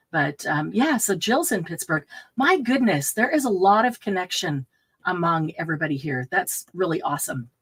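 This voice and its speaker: A woman's voice: on the low side, fairly bright tone. A middle-aged woman hosts a casual live craft stream, chatting with a guest and viewers. She talks in an easy, rambling way, laughs a lot and now and then loses her thread.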